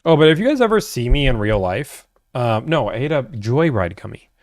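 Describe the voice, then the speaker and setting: A man's voice: mid-range voice, sing-song, moderate pace, darkish tone, dry recording, clean studio sound. A young man hosting a casual livestream, reading viewer chat aloud and answering in a laid-back, chatty way.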